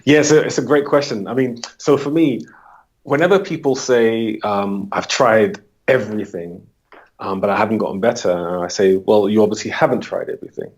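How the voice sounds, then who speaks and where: A UK man who works as a holistic coach answers interview questions at a normal speed, his intonation fairly even. When he acts out his conversations with clients, his pitch rises.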